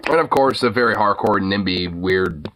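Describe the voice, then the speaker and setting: A man with a bright, sharp-edged voice hosts an informal talk, griping at length. He swears freely and rambles through constant fillers. His delivery stays loose and unscripted. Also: on the low side, normal speed, slight background noise. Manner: profane, rambling, filler-heavy. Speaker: host. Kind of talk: casual ranting commentary. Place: lives in Portland.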